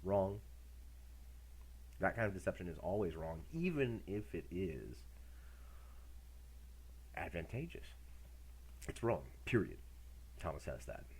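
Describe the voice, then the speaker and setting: A middle-aged male lecturer with a deep, low voice and a husky, slightly rough tone. He teaches a university class casually, joking and acting out little scenes to make his points. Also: big pitch swings, slow, long pauses, a little mellow. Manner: casual and jokey, acts out examples.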